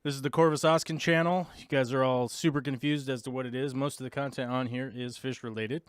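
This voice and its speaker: A man's voice: mid-range voice, fairly even intonation, a little fast, clean tone, no room sound, clean studio sound. A man hosting his own long-format podcast, opening with playful, rambling banter and joking asides. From United States. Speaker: podcast host. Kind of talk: goofy live-stream opening banter.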